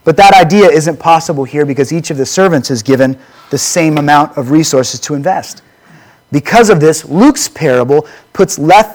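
A man preaching a sermon, reading scripture and putting questions to the congregation in an earnest way. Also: a little high. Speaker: pastor.

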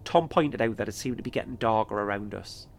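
A man's voice: on the low side, fairly quick, vocal fry. Man narrating his own ghost story. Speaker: podcast host and narrator. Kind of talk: first-person storytelling narration.

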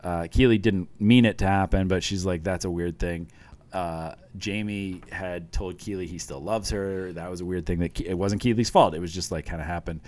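A man's voice: low-pitched, fairly quick, hardly any pauses, a little mellow. A man in casual chat, retelling scenes from a show with eager, rambling enthusiasm.

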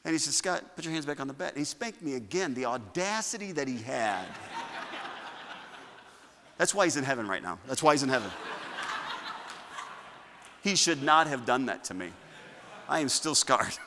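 A man preaching a sermon to his church, moving between loud declarations and quiet asides. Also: mid-range voice, expressive, moderate pace, long pauses, background noise. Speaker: pastor. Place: church sanctuary. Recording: long reverb of a church hall.

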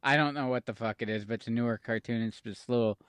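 Smooth-voiced man in casual chat. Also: mid-range voice, quick pace, a bit bright, no echo. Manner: chatty, laughing, swears casually. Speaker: podcast co-host.

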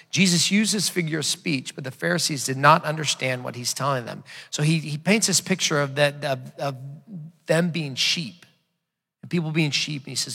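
A man's voice: fairly high pitch, normal speed, vocal fry, bright, forceful tone, slightly rough. A man preaching a sermon as a pastor, retelling a story conversationally with frequent restarts. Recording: long hall reverb.

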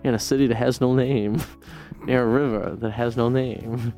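A man's voice: mid-range voice, fairly even intonation, moderate pace, warm tone. A young man hosting a radio show, curious and joking, firing off questions in casual banter. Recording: faint music behind.

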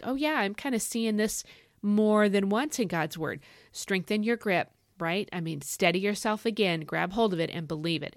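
A middle-aged woman hosts a Bible teaching podcast, animated and excitable, folksy in her talk. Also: lowish voice, gravelly, no room sound, clean studio sound. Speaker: podcast host.

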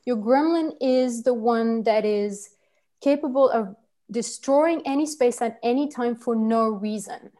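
A woman's voice: a little high, measured pace, dark tone. A woman leading a personal-growth workshop, speaking earnestly and searching for words, with fillers and restarts. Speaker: workshop facilitator. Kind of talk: teaching talk on personal growth.

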